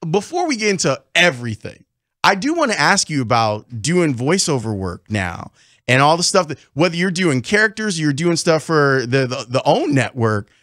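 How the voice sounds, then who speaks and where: A man hosting a radio interview in the studio, his voice bright and forward and riding up and down with animated inflection. He comes across as effusive and welcoming, and the sound is dry and close. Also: on the high side, moderate pace, no room sound. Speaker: sports radio host.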